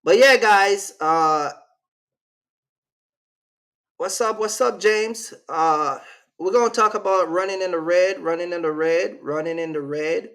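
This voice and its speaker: A man's voice: high-pitched, normal speed, a bit bright. A man from Jamaica with a Jamaican accent, hosting a casual livestream in a rambling, slangy way and reacting to his live chat. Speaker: channel host.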